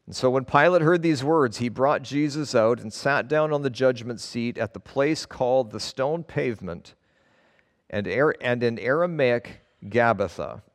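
Here a man preaches at a measured pace in a mid-range voice, reading scripture and explaining it with earnest, emphatic force, word by stressed word. Long hall reverb surrounds him.

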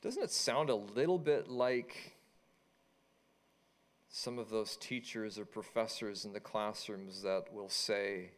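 Man preaching an animated sermon. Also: fairly low pitch, slow. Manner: animated storytelling, acting out quoted voices. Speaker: pastor.

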